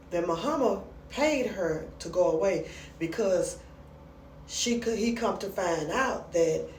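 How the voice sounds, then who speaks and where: A woman chatting casually as she recaps a comedy skit, acting out the lines in lively voices. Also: medium pitch, recorded from a distance, slight background noise. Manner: chatty, retells scenes with animated quoted voices. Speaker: reaction commentator. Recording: roomy sound from off the mic.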